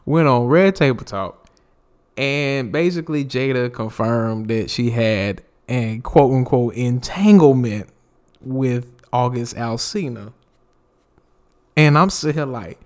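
A man's voice: mid-range voice, takes it slowly. A man hosting a solo podcast in casual, profane chat, laughing often and slipping into impressions of celebrities as he tells stories. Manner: animated, laughing, profane, mimics celebrities mid-story. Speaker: podcast host. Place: home recording space.

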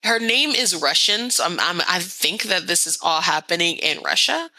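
A woman's voice: fairly low pitch, animated, moderate pace, sharp tone, dry recording. A woman co-hosting a podcast, telling a story in a chatty, rambling way with lots of fillers. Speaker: podcast co-host. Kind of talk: casual podcast chat.

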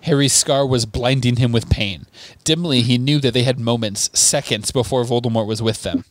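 A man reads a novel aloud at an even, steady pace, breaking off now and then for a quick aside. His voice is mid-pitched, and the sound is dry and close, with no room echo. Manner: steady, clear reading with small asides. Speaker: podcast host reading a novel aloud.

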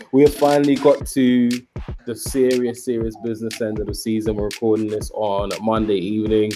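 A man's voice: on the low side, fairly even intonation, moderate pace, noisy background. A man with a British accent hosting a casual basketball podcast, bantering and laughing easily over a video call. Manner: banter-heavy, laughs often. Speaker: podcast host. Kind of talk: casual chat.

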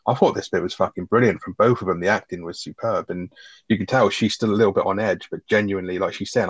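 A man, co-hosting a podcast and retelling film scenes in a sweary, animated way. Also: deep voice, quick pace, husky, no room sound. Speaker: podcast co-host. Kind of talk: casual film review chat.

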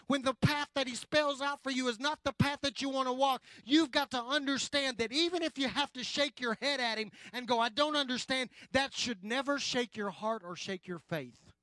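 A male pastor preaching a sermon, addressing the congregation directly and swinging from loud emphasis to quiet, slow lines. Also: very high voice, dry recording.

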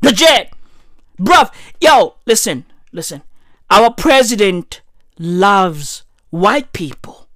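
A woman, delivering a profane comic rant full of "bruv" and "right?", her voice swinging high and low. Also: big pitch swings, slow, a bit bright, no echo, studio quality. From South Africa.

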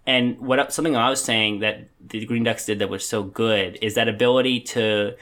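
A man's voice: on the low side, steady tone, normal speed, fairly bright tone. A young man co-hosting a podcast, chatting casually in a rambling, hesitant way with many restarts. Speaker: podcast co-host. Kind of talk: casual chat.

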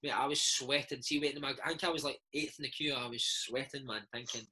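A Scottish man in his thirties, a former footballer, telling lively anecdotes in a casual interview, calling the listener "mate" and "man". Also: medium pitch, quick pace, husky, poor audio.

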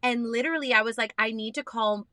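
Bright-voiced young woman chatting candidly. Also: a little high, fast talker, dry recording, clean studio sound. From Canada. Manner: candid, excitable, swears casually. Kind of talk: casual chat.

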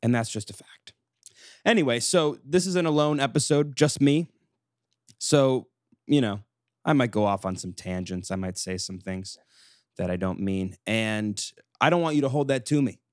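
A young man in his twenties hosting a solo podcast, chatty and self-mocking, running off on animated tangents into a studio microphone. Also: mid-range voice, normal speed, no echo. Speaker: podcast co-host.

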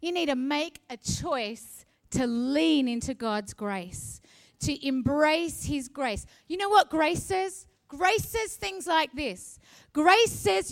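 A woman pastor preaching a sermon to her church, emphatic and building to loud, impassioned peaks. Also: high voice, expressive, slow pace, gravelly.

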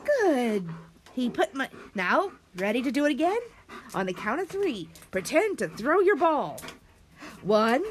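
Animated high-voiced woman hosting for kids. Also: unhurried, slight background noise. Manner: animated, sing-song, talks to the kids and her dog. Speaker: children's show host. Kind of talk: children's sing-along lesson.

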